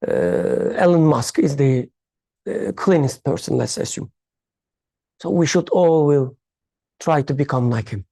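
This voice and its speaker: A speaker in a faith study circle who explains a hadith in a halting, reflective way, searching for words and using uneven English grammar. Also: medium pitch, sing-song, vocal fry, mellow, no room sound.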